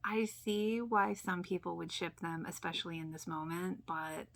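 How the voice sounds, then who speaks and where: A woman hosting a casual TV rewatch reaction, chatty and full of fillers, often sinking into soft near-whispers and laughing often. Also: fairly low pitch, moderate pace, vocal fry. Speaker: YouTube reaction host.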